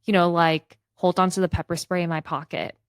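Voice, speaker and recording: Woman, 30s, podcast co-host, casual storyteller, fond of quoted asides, slightly low pitch, dry close mic. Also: fairly quick, smooth, no room sound. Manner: chatty, animated retelling with quoted asides. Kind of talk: casual chat.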